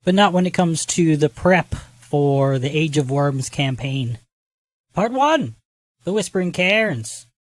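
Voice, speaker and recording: A man's voice: fairly high pitch, expressive, slow pace, no echo. A man hosting a tabletop game podcast as game master, joking crudely and swearing freely. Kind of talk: casual tabletop podcast chat.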